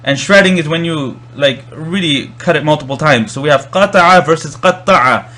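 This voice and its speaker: A man's voice: fairly high pitch, moderate pace, pushed and bright. A man explaining Arabic verb grammar in a lecture, often restarting and repeating words as he thinks. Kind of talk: recorded lecture.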